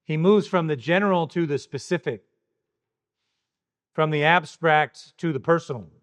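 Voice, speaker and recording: A man's voice: on the high side, moderate pace. Man preaching an emphatic expository sermon. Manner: emphatic, questioning, pointed rhetorical emphasis.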